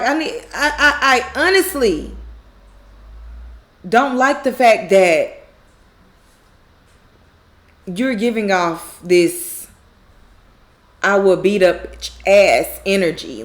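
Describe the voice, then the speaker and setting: A woman's voice: medium pitch, lively intonation, slow, long pauses. A woman casually recapping a TV drama episode, animatedly retelling scenes, acting out the characters' lines and laughing often. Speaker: recap YouTuber.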